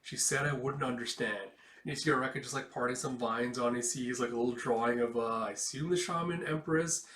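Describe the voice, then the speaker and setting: A man's voice: mid-range voice, brisk, fairly bright tone, a little hiss or hum. Rambling man reading a comic aloud. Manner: rambling, filler-heavy retelling. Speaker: comic book reader and reviewer. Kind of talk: casual read-through with reactions. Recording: roomy echo.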